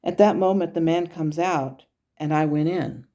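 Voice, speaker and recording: Low-voiced woman telling about her meditation chat, calm and kinda wry. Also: normal speed. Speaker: spiritual channel host. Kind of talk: recounting a channelled meditation conversation.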